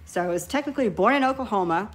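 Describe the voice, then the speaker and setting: A woman's voice: medium pitch, expressive, racing. A woman in her thirties with a New York accent, chatting on a live stream while painting nail swatches, a little tipsy from wine and easily distracted. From New York, Long Island. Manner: chatty, scattered, giggly. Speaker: nail beauty YouTuber.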